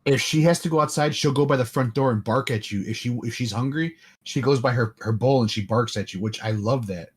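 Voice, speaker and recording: A man chatting on a podcast, easygoing and sweary as he tells stories about his dog. His voice is husky and middle-pitched. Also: brisk, few pauses. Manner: relaxed, sweary anecdotes. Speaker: podcast co-host. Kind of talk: casual chat.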